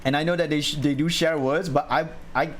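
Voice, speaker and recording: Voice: medium pitch, steady tone, fairly quick. A drawing streamer in casual livestream chat, rambling with frequent laughs and restarts while answering chat questions.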